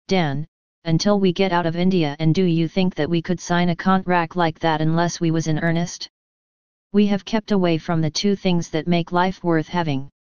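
A woman's voice: fairly low pitch, darkish tone, clean tone, dry recording, muffled recording, natural voice. A woman voicing an earnest male vagabond adventurer in plain, blunt talk.

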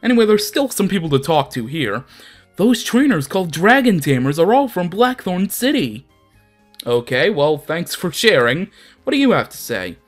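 Young male gaming host, casual and rambling, lively swings in pitch. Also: moderate pace, soft background music. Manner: chatty, rambling, self-deprecating. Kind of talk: casual let's play commentary.

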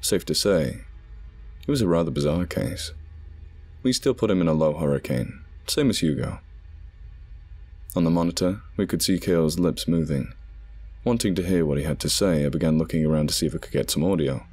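A man narrating a scripted horror story in a measured, dramatic way. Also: sits low, animated, darkish tone, slightly rough. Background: background music.

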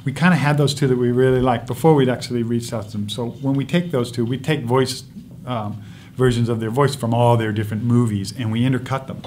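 A man, a film director, telling stories in a casual interview, lively and laughing as he recounts. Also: mid-range voice, a little hiss or hum. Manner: animated storyteller, laughs while recounting.

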